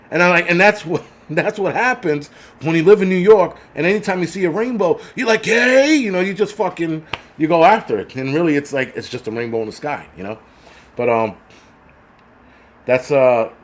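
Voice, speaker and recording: A man hosting a livestream, ranting bluntly with heavy swearing and many restarts while thanking viewers for donations. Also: a little high. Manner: blunt, heavily profane, repetitive restarts. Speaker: livestream host.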